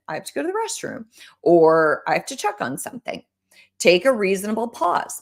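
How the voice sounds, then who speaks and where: Low-voiced woman coaching with lively pitch. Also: gravelly. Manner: coaching, animated, addresses listener directly. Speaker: host. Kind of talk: instructional podcast talk.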